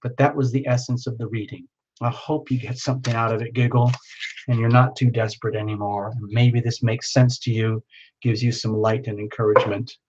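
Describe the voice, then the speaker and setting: A man's voice: medium pitch, flat delivery, brisk, darkish tone, lo-fi sound, slight background noise. A man hosting a live tarot reading, chatting and rambling as he reads out viewers' names.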